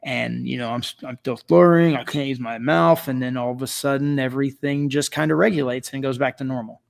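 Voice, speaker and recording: A middle-aged man, guest on a podcast, recounting a story in relaxed conversation. His pitch sits in an ordinary middle range. He talks in an animated, chatty way, breaking into laughter and peppering his sentences with fillers. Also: fairly quick, vocal fry. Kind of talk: casual storytelling.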